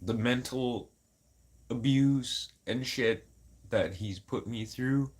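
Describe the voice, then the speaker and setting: Agitated man venting raw. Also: takes it slowly. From Manitoba, Canada. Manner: agitated and raw, swears a lot, swings from loud outbursts to low mutters. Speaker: vlogger. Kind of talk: casual unscripted venting to camera.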